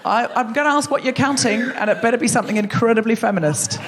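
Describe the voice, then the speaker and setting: A woman's voice: on the high side, fast, very noisy. A woman hosting a live comedy podcast on a theatre stage, chatty and self-mocking, teasing the audience. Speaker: podcast host.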